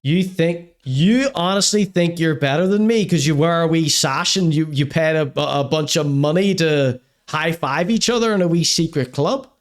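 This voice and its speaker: A podcast host runs a live-streamed comedy show, ranting crudely in mock seriousness, then apologizing again and again, and reading the chat. His voice is fairly high and moves at a moderate pace with hardly any pauses.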